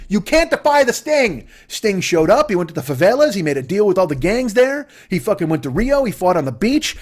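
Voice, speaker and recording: A high-pitched podcast host in his forties rambles through a profane comedic monologue, jumping from one tangent to the next.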